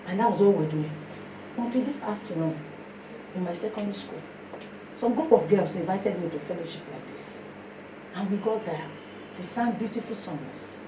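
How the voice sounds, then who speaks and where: A woman with a Nigerian accent giving a sermon mixed with her own testimony, telling stories in an animated way. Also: mid-range voice, normal speed, pauses often. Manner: storytelling, animated, breaks into song. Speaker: fellowship speaker. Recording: echoey room, mic heard from a distance, faint noise.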